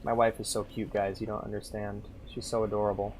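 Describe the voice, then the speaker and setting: A man streaming a game and chatting casually, loud and animated, swearing and laughing as he plays. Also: lowish voice, brisk, slight background noise. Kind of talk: casual gaming stream chat.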